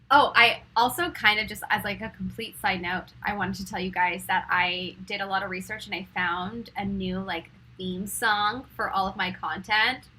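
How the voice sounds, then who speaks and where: A young woman hosting a live-stream meditation show, chatting casually with viewers and giggling, then guiding a short meditation in a softer, slower voice. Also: medium pitch, fairly even intonation, slight background noise, rough recording. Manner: chatty and giggly, many fillers; soft and slow when guiding meditation.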